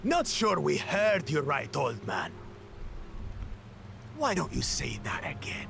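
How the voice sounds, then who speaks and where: A man's voice: a little high, huge pitch swings, a bit bright, a little hiss or hum, full character voice. An actor playing a menacing, mocking brute in a video game cutscene, sneering as he threatens. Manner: sneering threats, slow and gravelly. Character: menacing adult male brute, mocking and cruel.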